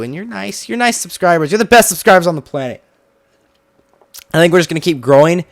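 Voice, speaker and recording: A man's voice: fairly high pitch, clear, resonant tone, dry recording. A man chatting casually while playing a building game, rambling and filling his talk with "like". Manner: rambling, chatty, heavy use of "like". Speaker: gaming video host. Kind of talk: casual gameplay commentary.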